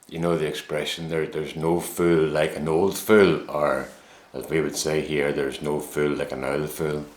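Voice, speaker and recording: Deep-voiced man in his fifties. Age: 50s. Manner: easygoing, rambling, self-mocking anecdote teller. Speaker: vlogger. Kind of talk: casual storytelling to camera. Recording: roomy echo.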